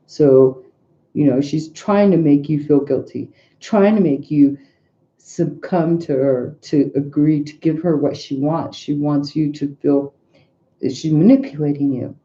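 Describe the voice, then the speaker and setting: A middle-aged woman talks casually in a very dark, mellow voice, circling back with restarts and asides as she tells a story. The recording sounds dull and lo-fi. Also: deep voice, fairly even intonation, unhurried. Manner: rambling, frequent restarts and asides. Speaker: tarot reader.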